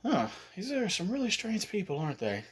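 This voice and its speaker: A man voicing a gentle, soft-spoken teenage boy who is a puzzled outsider. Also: sits high, huge pitch swings, brisk, slightly rough, voice pushed up, heavily acted. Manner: soft and wondering.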